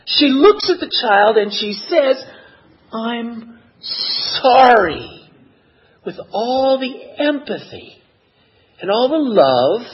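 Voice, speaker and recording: A man preaching a sermon in an expressive, measured way that builds to emotional emphasis. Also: high-pitched, husky, muffled recording. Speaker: pastor.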